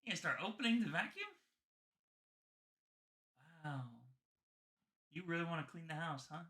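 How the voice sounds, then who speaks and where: A woman hosting a casual live stream, with a low voice that swings widely in pitch. Her tone is bright and sharp, and she chats loosely in slang, slipping into cooing baby talk for a dog. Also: big pitch swings, moderate pace. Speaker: livestream host opening trading cards.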